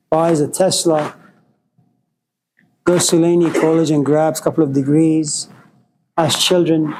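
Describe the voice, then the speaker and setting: A man's voice: a little high, noisy background. A man giving a storytelling lecture in a wry, dramatic way.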